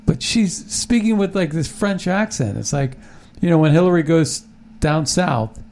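Brief: a male host with a somewhat high, gravelly voice, rambling and opinionated. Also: animated, a little slow, darkish tone, a little hiss or hum. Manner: rambling, opinionated, many restarts. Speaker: podcast host. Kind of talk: casual political talk.

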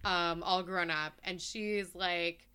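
A woman's voice: fairly low pitch, steady tone, slow pace, sharp tone, smooth. A woman co-hosting a casual podcast, ranting animatedly about a film, swearing and laughing as she goes. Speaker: podcast co-host. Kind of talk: casual chat, ranting movie review.

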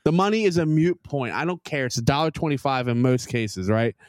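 A man's voice: medium pitch, expressive, brisk, no room sound. A young man co-hosting a podcast, ranting heatedly and animatedly with lots of swearing. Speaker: podcast co-host. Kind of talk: profane comedic rant.

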